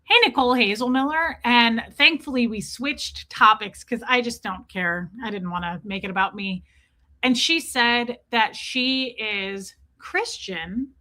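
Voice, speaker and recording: A woman hosting a livestream, telling a story in a chatty, animated way while greeting her chat. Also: fairly high pitch, measured pace. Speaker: livestream host.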